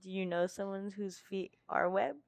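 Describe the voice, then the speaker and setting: A woman's voice: medium pitch, steady tone, normal speed, creaky. A young woman from the United States, hosting a podcast and telling a story casually, swearing constantly and acting out her own quotes. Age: young adult. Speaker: podcast host.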